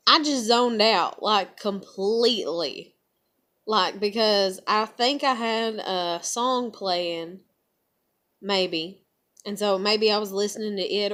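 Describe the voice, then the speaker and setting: A woman venting in a rambling, casual monologue, full of fillers and quoted thoughts, rising loud when excited. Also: mid-range voice. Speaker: vlogger.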